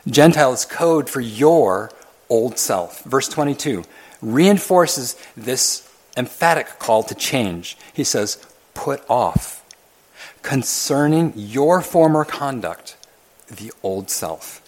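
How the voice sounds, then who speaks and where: An earnest male pastor delivering a sermon, pressing his points with repetition and many restarts. His voice sits at an ordinary middle pitch for a man. He talks to his congregation directly and emphatically. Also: lively intonation, slow pace.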